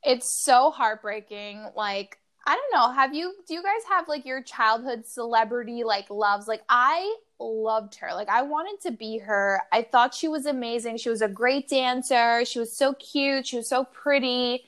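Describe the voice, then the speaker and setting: A woman's voice: on the high side, measured pace, few pauses, fairly bright tone. A woman co-hosting a podcast in casual chat, talking with many "like" fillers and laughing through her stories. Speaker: podcast co-host.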